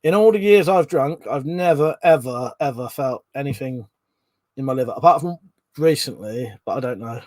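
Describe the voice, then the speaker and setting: A man's voice: medium pitch, normal speed, a little mellow, no echo. A middle-aged man hosting a casual live stream, swearing freely, laughing often and chatting about viewers' comments.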